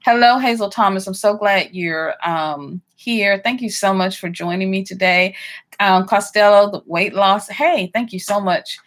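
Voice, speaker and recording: A woman hosting a casual livestream, greeting viewers by name with many ums and quick laughs. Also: mid-range voice, fairly bright tone. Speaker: livestream host.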